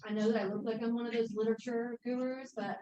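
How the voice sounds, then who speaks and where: A woman's voice: on the high side, level tone, fast talker, dark tone, lo-fi sound. A woman from Florida opening her share at a recovery convention, friendly and plain-spoken. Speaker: workshop speaker. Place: convention meeting room. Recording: echoey room, faint noise.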